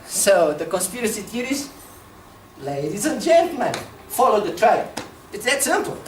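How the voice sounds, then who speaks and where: A woman from Africa, giving a passionate public talk, emphatic and quick to laugh. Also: mid-range voice, a little hiss or hum. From South Africa. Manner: animated, emphatic, laughs often. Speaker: speaker at a talk. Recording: echoey room, distant mic, faint ambience.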